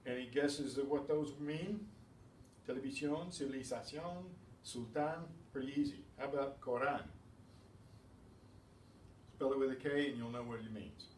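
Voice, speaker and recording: A man teaching a beginners' language class, calling out each word loudly and then explaining it more quietly. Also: medium pitch, moderate pace, long pauses. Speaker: Spanish teacher. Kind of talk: slow, patient pronunciation drill. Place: class room. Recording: roomy, from far off, faint hiss.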